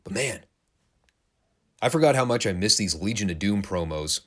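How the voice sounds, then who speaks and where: Male reviewer, low register, very animated pitch, casual swearing commentary. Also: normal speed. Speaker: wrestling show reviewer.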